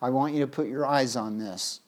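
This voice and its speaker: A preacher giving a sermon, reading scripture aloud emphatically with big swings in pitch and loudness, often restarting words. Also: a little fast. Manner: stumbles and restarts words mid-phrase.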